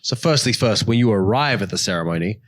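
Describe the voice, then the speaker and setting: Playful low-voiced woman. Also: expressive, fast. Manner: playful, exaggerated, slangy. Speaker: podcast co-host. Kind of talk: casual comedic chat.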